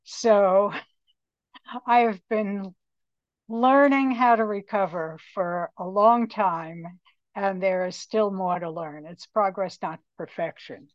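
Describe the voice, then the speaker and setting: An older woman in her late seventies shares her recovery story slowly and reflectively, with frequent pauses and ums. The recording is dry and a little dull. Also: medium pitch, dry recording. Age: 70s. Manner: slow, reflective, pausing often with ums. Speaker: recovery meeting speaker. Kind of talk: personal testimony.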